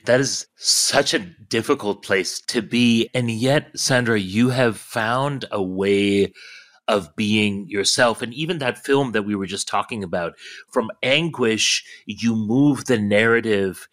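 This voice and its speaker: A man hosting an interview, explaining terms and reflecting calmly on his guest's story. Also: on the low side, slow. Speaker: podcast host.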